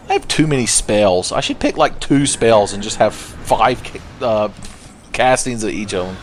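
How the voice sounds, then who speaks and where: A man's voice: fairly low pitch, a little hiss or hum. Man joking through game commentary. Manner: joking, profane, rambling. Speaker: gaming channel host. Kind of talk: casual let's play commentary.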